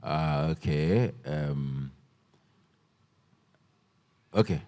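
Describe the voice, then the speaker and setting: Halting man moderating a festival panel. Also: a bass voice, mellow. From Nigeria. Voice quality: halting, full of fillers and restarts. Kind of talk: panel interview. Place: festival stage. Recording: long hall reverb.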